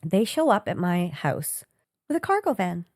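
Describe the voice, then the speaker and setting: A woman co-hosting a podcast in casual chat, telling stories in an animated, blunt way and swearing freely. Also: fairly low pitch, normal speed, dry recording, studio quality. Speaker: podcast co-host.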